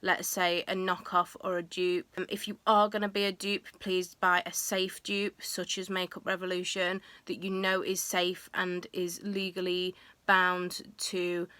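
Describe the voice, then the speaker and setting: Woman, makeup artist, casual beauty tutorial, chatty with ums, bright voice, dry close sound. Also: on the low side, level tone, a little slow, no room sound. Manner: chatty, with frequent um fillers and self-corrections.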